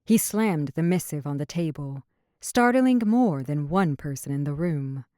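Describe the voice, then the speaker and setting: Low-voiced woman narrating an audiobook. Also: lively intonation, unhurried, mellow, dry recording, studio quality. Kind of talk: scripted narration.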